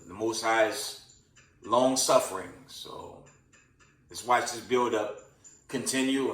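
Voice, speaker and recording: A man's voice: on the low side, bright, forceful tone, distant mic. A tired man hosting casual news commentary with prophecy talk, rambling with many fillers and restarts. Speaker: host of a news commentary channel. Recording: roomy sound, away from the mic.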